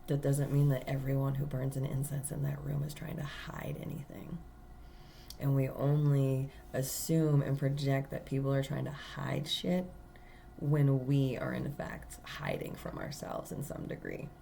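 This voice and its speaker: Low-voiced woman, earnest spiritual talk. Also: expressive, measured pace, vocal fry, dark tone, slight background noise. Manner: earnest, emphatic storytelling with many fillers. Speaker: tarot reader. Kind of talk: casual spiritual monologue.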